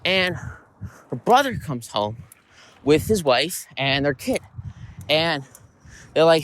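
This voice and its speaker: A man with a somewhat high-pitched voice tells a story casually on his podcast. He wanders and restarts, filling gaps with "you know" and checking in with "right?" as he goes. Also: very animated, slow, pauses often, fairly bright tone, slight background noise. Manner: rambling, with many fillers and "right?" check-ins. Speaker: podcast host.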